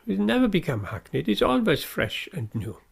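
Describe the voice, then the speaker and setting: A man's voice: high voice, wildly swooping pitch, moderate pace, creaky, slightly rough. A man giving a devotional sermon, earnest and emphatic, repeating his key phrases. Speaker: preacher.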